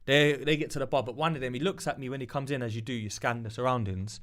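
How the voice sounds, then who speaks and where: A man's voice: medium pitch, quick pace. A man with a London accent, a regular guest telling a story in casual chat, acting out the people in it with lots of slang. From London, England. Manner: animated storyteller acting out quoted voices, heavy slang.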